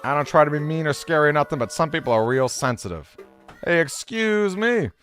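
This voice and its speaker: A man's voice: fairly high pitch, animated, fairly quick, a bit bright, soft background music. A man voicing a short-tempered male mole with a put-on New York accent, lecturing in sarcastic tough-guy slang. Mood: scolding lecture.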